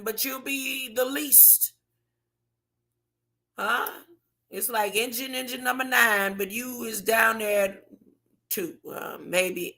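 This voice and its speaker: A woman preaching alone from scripture in a casual, animated way, throwing out rhetorical questions as she reads. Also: mid-range voice, creaky. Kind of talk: informal solo Bible teaching.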